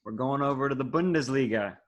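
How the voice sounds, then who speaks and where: A teenage man runs a quiz on a casual sports podcast, recorded over a video call. His voice sits at a middle pitch. He teases his friends in an upbeat way. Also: fairly quick, lo-fi sound. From United States. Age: teens. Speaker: podcast co-host and quizmaster.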